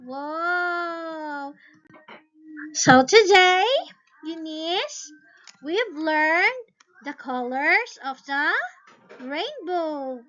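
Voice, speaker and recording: A woman's voice: extremely high pitch, lively intonation, drawn-out words, long pauses, fairly bright tone. A woman teaching a demo lesson to a young child, with exaggerated sing-song praise. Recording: muffled lo-fi recording.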